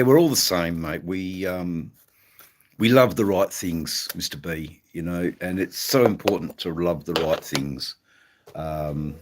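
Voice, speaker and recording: Slow, deep-voiced Australian man. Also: noisy background. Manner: rambling, halting, with many ums and mates. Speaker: livestream host. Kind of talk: casual livestream chat with viewers.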